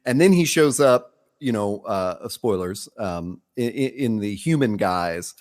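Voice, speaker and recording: Lively-pitched man chatting casually. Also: measured pace. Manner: chatty, laughing, full of fillers. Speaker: podcast co-host. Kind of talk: casual chat.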